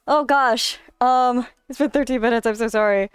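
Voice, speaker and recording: A woman's voice: fairly high pitch, moderate pace, clear, resonant tone, dry recording, studio quality. A young woman streaming a game, chatting casually and apologetically with lots of fillers. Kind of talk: casual live-stream chat.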